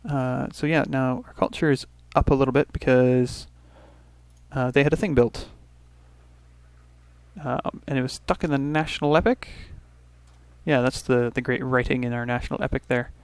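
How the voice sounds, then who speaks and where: A man's voice: mid-range voice, fairly even intonation, moderate pace, smooth, no echo. A man from Canada hosting a let's play, casually thinking aloud through his turns with restarts and little asides. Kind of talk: casual gameplay commentary.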